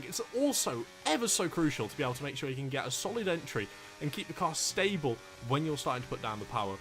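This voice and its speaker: A man commentating live sim-racing qualifying, teasing his co-host in quick banter. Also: medium pitch. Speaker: esports race commentator.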